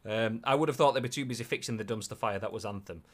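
Yorkshire man, lowish voice, rambling co-host reading viewer comments, casual. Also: fast. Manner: rambling, self-deprecating, lots of filler. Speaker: co-host of a gaming news show.

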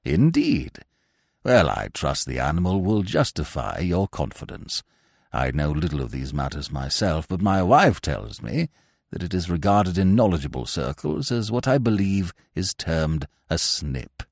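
Male narrator playing a stiff, self-important old lord, low and slow, over 60, dry booth sound. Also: big pitch swings, vocal fry, no room sound, exaggerated voice. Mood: pompous. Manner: slow, ponderous, deep and measured. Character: pompous elderly male peer, stiff and formal.

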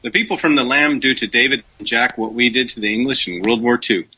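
Husky wry podcast co-host man. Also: medium pitch, fast talker. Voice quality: wry, deadpan jokes. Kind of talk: casual chat and plot recap.

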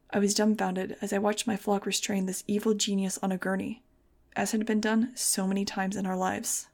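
Woman narrating an audiobook, even tone. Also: medium pitch, normal speed. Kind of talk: first-person audiobook narration.

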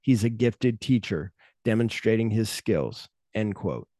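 A man's voice: on the low side, lively intonation, measured pace, dark tone, dry recording, clean studio sound. A middle-aged man hosting a podcast, retelling movie scenes in casual chat and swearing freely. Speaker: podcast host.

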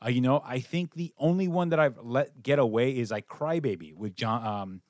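A man's voice: medium pitch, normal speed, dry recording, studio quality. A man hosting a podcast in casual chat, laid-back, laughing easily and swearing. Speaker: podcast host.

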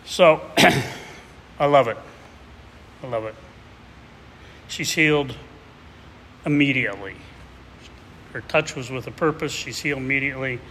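A man's voice: mid-range voice, a little slow, long pauses, fairly bright tone. A man preaching a sermon in a conversational, reflective way, with hesitant restarts, sometimes reading a passage aloud. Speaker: pastor. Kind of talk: expository sermon with a read-aloud excerpt. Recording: distant voice with hall reverb and faint noise.

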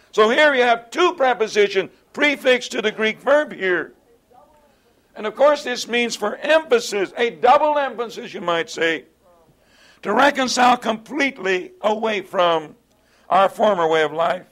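A man's voice: sits high, fairly bright tone. A man teaching a Bible study in an earnest lecturing way, often asking rhetorical tag questions of his listeners.

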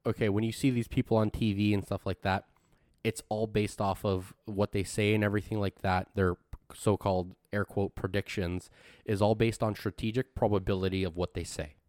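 A man in his late twenties, skeptical and matter-of-fact in a casual chat. His voice is a bit low. The sound is dry and close. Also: level tone, a little fast, darkish tone, no echo. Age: 20s.

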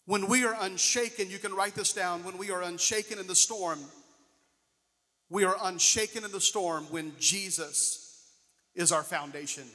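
Male preacher, high bright voice, long hall reverb, questioning congregation. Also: moderate pace. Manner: preaching, rising and falling emphasis, asks the congregation questions. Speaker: pastor. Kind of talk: sermon.

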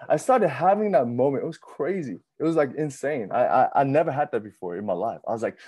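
A man in his thirties preaching a sermon in a conversational, animated way, often repeating himself and acting out his own thoughts. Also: mid-range voice, quick pace, few pauses, breathy edge. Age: 30s. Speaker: pastor.

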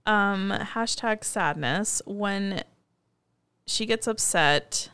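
A woman's voice: medium pitch, drawn-out words, smooth, no room sound. A woman co-hosting a casual chat, animatedly retelling scenes and quoting the characters. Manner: chatty, animated retelling with quoted lines. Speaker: podcast co-host. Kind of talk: casual chat recapping a TV movie.

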